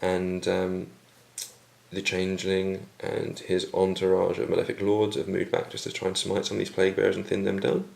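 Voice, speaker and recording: A man recapping his turn in a tabletop wargame battle report, going hoarse as he loses his voice. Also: low voice, normal speed. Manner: steady recap of dice results. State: losing his voice. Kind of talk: casual battle report commentary.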